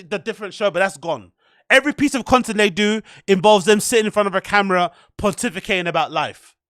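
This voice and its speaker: High, bright, ranting male host. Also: dry recording, studio quality. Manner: profane, sarcastic, rhetorical questions. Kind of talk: ranting commentary on clips.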